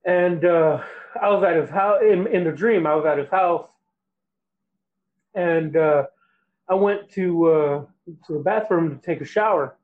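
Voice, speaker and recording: A high-pitched young man tells a long rambling story, stumbling over his words and breaking into lively quoted voices. His voice comes through a thin, phone-like line. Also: measured pace, pauses often. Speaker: guest. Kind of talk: casual storytelling chat.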